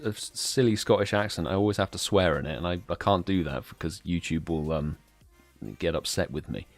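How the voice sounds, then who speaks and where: Greeting viewers by name, a young man from the United Kingdom chats casually while hosting his live stream in a British English accent. He has a deep voice and talks a little fast over soft background music.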